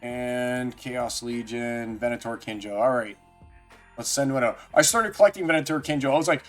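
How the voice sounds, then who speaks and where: A man's voice: medium pitch, fairly quick, a bit bright. A man streaming live, chatting casually and jokily with viewers by name. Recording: faint music underneath.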